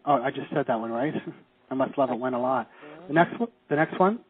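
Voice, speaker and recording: A man leading a teleseminar, coaching listeners through phrases and slowing down to stress key words. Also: on the high side, big pitch swings, slightly rough, no room sound. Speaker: seminar leader. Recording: tinny phone line.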